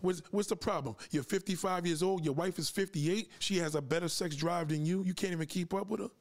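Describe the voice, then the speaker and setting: A man hosting a live podcast, with a slightly high voice, ranting at his audience in a blunt, profane, lecturing way. He is confrontational and keeps daring the men listening to prove him wrong. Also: brisk. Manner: asks listeners to push back. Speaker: podcast host. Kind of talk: livestream podcast rant.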